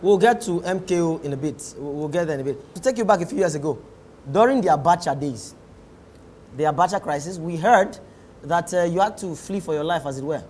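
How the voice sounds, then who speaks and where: A man's voice: fairly high pitch, lively intonation, brisk, a little mellow, slight background noise. A Nigerian man with a Nigerian accent, hosting a talk show and eagerly asking questions. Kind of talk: interview conversation.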